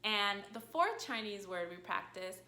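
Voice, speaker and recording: Slow, bright-voiced woman teaching. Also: medium pitch, lively intonation. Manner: patient, encouraging, demonstrates tones clearly. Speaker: language teacher. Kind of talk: friendly online language lesson. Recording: echoey room.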